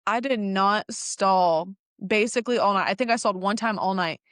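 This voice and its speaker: A young adult woman telling a casual story in an animated way, laughing often and acting out the lines of the people in it. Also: mid-range voice, moderate pace, clean tone, no room sound, clean studio sound. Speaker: guest telling her car story.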